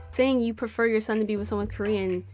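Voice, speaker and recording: A woman's voice: mid-range voice, fairly even intonation, moderate pace, a little mellow, soft background music. A woman hosting a storytime, casually retelling a story and acting out the quotes, with lots of "like". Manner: chatty, retells stories acting out quotes with frequent "like". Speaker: storytime host.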